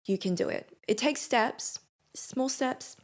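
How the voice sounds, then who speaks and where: A woman's voice: on the high side, slow. A young woman, a podcast guest, talking earnestly and reflectively in a casual late-night conversation. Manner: earnest, reflective, laughs often.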